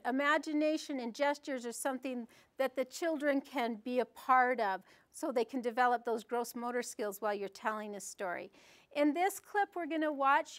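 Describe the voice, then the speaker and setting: A woman presenting a storytelling workshop, telling a story with animated, theatrical delivery. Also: high-pitched. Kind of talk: live workshop talk and storytelling.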